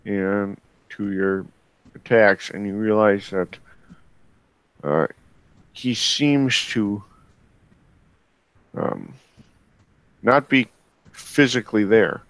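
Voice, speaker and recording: A man narrating as game master of a tabletop game, unhurried and halting with fillers as he describes the action. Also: lowish voice, a bit bright, smooth, dry recording, rough recording.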